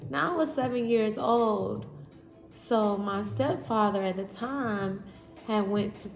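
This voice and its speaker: A woman reads tarot for her viewers on a phone, her voice emotional and candid, with a gravelly edge. She speaks in an echoey room, and soft music plays faintly behind her. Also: medium pitch, slow pace. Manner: candid, addresses viewers as y'all. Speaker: tarot reader. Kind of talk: spiritual tarot reading.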